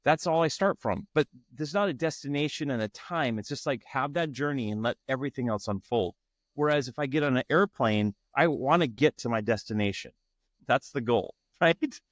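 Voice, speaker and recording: A man's voice: mid-range voice, animated, moderate pace, dry recording. Earnest man talking in a dry room. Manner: earnest, searching, frequent restarts. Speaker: guest, tantra facilitator. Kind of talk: reflective interview talk.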